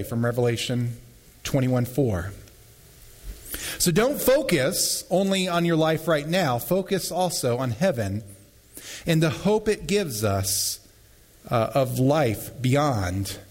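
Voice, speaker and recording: Animated male preacher in a reverberant hall. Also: a little high. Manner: animated, repeats words as he restarts. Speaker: pastor. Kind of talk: sermon. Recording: long reverb in a large hall.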